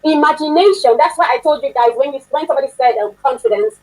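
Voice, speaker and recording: A woman's voice: sits high, fast, darkish tone, low-quality recording. Chatty woman teaching an online class. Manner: chatty, laughs often, asks the class questions. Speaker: workshop instructor.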